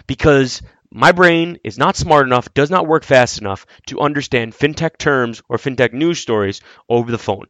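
A man's voice: mid-range voice, normal speed, few pauses, a bit bright, no echo, lo-fi sound. A man co-hosting a podcast as a reporter, voicing complaints in a blunt, emphatic way. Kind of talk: casual podcast chat.

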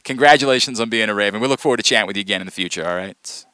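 A man's voice: lowish voice, racing, bright, forceful tone, clean tone, no room sound, studio quality. A man hosting a sports radio show, talking emphatically and often stumbling over and repeating his words. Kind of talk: casual sports talk.

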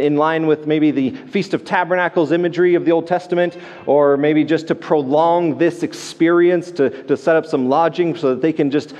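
A pastor preaching a sermon in a conversational way, often restarting and repeating words. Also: male voice, on the high side, darkish tone, long reverb tail. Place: church sanctuary.

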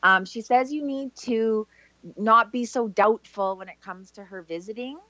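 A Canadian woman, a psychic medium on a call-in show, gently passing on messages in quoted words. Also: on the high side, unhurried, no echo, muffled recording. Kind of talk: call-in radio reading.

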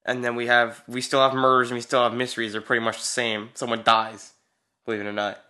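A man's voice: mid-range voice, little pitch movement, quick pace, bright, forceful tone. A young man in his late teens chatting casually as a co-host, teasing and sarcastic in his banter. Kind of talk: casual chat.

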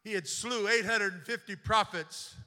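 A man delivering a fervent sermon from the pulpit, his voice high and ringing with a sharp, bright edge. He drops low to tell the story, then climbs into loud exhortation. A long reverb trails each phrase through the sanctuary. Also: a little slow. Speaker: bishop preaching. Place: church sanctuary.

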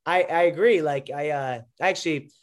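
A young man with a somewhat high voice talks in a loose, rambling way. He fills his sentences with "like" and "you know" as he tells stories to a podcast host. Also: normal speed. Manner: rambling, filler-heavy storytelling. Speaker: guest, former college wrestler. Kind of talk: casual conversation.

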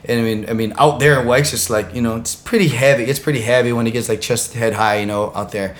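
A man telling a funny story as a podcast guest, animated and laughing as he goes. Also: mid-range voice, quick pace. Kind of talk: casual storytelling.

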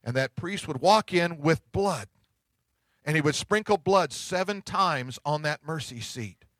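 A middle-aged man pastor giving a sermon, telling stories in a conversational way and dropping to hushed tones at tender moments. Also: on the high side, expressive, a little slow, dry recording. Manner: conversational storytelling preaching, drops to hushed tones.

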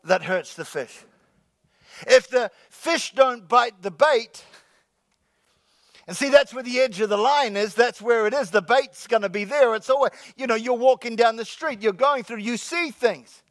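A man preaching a sermon to his congregation, joking with the crowd and slowly repeating his key lines. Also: extremely high pitch, a bit bright, no room sound. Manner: jokey, repeats key lines slowly, calls out "come on, somebody". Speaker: pastor. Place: church sanctuary with congregation.

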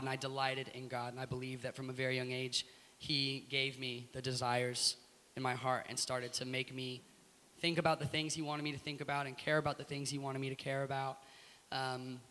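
American man as interview guest; lively and emphatic, bright tone, long room reverb. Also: mid-range voice. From United States. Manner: animated, emphatic, laughs through his story. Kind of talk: animated storytelling in an interview. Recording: echoey room with faint hiss.

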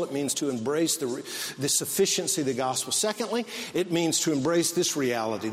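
A man preaching a sermon, telling stories and dropping his voice low to quote calm speakers. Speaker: pastor. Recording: long reverb of a large hall.

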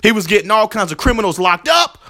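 A man's voice: high voice, big pitch swings, fast, sharp tone, dry recording, clean studio sound. A man hosting a religious podcast, talking in an emotional, preacherly way and repeating himself as he thanks his listeners. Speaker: podcast host. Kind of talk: heartfelt religious podcast talk.

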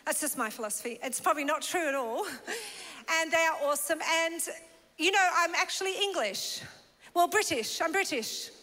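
Aussie-lady pastor preaching, laughs a lot, super high bright voice, big hall echo. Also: animated, normal speed. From Northern Ireland. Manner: bubbly, laughing, chatty. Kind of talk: sermon. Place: large church hall. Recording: long church hall reverb.

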